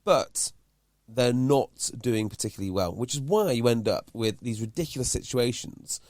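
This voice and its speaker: A man's voice: mid-range voice, animated, moderate pace, a little mellow, no echo. Man, podcast host, casual explaining voice, dry close mic. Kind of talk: casual chat.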